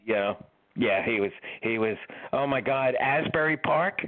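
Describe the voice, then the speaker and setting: An older man, a guest musician, telling tour stories in an interview in an animated, laughing way. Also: medium pitch, a little slow. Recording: tinny phone-like line.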